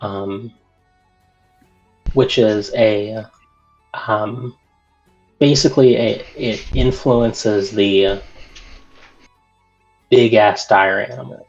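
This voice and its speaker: A man narrates as game master of a tabletop game, halting often with ums. His voice is low and gravelly, his pace slow. The recording sounds dull and lo-fi, with faint music underneath. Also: fairly even intonation.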